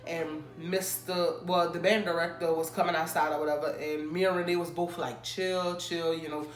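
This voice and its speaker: A young woman casually telling a storytime, animated and acting out the people she quotes. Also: on the low side, moderate pace, reverberant. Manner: animated, acts out quoted people in raised voices. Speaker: storytime vlogger.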